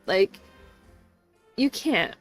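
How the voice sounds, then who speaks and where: A woman streamer telling a story to her chat in an animated way, swearing freely and laughing often. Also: very slow, soft background music. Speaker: game streamer.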